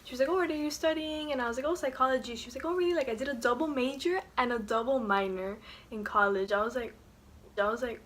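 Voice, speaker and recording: A woman's voice: fairly high pitch, fast talker. Chatty young woman telling a story. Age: young adult. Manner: chatty, lots of "like" fillers, animated retelling. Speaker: vlogger. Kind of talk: casual story time vlog. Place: college dorm room at night.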